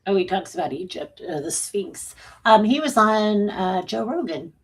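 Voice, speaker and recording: Husky-voiced joking woman co-host. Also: medium pitch, expressive, normal speed. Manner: loose and joking, answers viewer questions. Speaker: co-host and intuitive reader. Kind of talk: casual live-stream chat.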